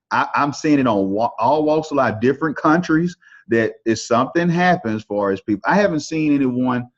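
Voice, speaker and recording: A man with a Texan accent hosts an interview in a folksy, upbeat way, leaning on plenty of fillers. His voice sits at a middling pitch. The audio is dull and lo-fi. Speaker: podcast host. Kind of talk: casual interview talk.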